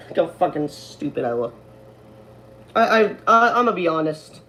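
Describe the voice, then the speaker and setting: A woman's voice: deep voice, big pitch swings, unhurried, a bit bright. A woman streaming at home, ranting angrily about her own delayed series, swearing often and stumbling over restarts. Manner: profane, exasperated, stammering restarts. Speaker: creator of an online animated series, streaming. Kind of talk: angry live-stream rant.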